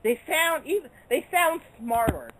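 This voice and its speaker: A woman's voice: high voice, big pitch swings, a little slow, fairly bright tone, rough recording. An American woman in a casual group chat, curious and asking questions, giggling between remarks. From United States.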